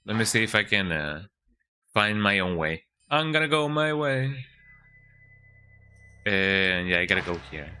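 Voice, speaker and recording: A male streamer with a very bright, forceful voice gives casual, playful commentary over a horror game. His pitch swings widely as he jokes along, and he often tacks "eh?" onto his lines. A faint hiss sits under his voice. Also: big pitch swings, a little slow, pauses often. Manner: playful, jokey, keeps tagging lines with "eh?".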